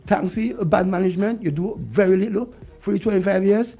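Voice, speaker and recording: This Saint Vincent native, a radio guest, speaks a little fast in a high, warm voice while soft music plays in the background. Vexed and ranting in his Vincentian accent, he argues heatedly about politics and keeps repeating his points.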